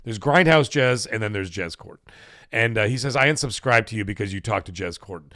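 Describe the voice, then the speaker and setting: A middle-aged man hosting a gaming live stream, talking casually in a profane, animated rant. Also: fairly low pitch, fairly quick, dry recording, studio quality. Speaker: gaming channel host.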